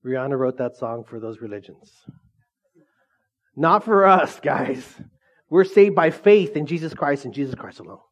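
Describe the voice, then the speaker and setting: A man preaching a sermon as pastor, casual and energetic, full of questions to the congregation. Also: mid-range voice, moderate pace, lo-fi sound.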